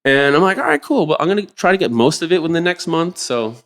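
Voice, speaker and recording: A middle-aged man telling a story in a casual interview, acting out the quotes with sudden high-pitched outbursts and swearing freely. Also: sing-song, fast, a bit bright. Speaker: drummer and podcast guest.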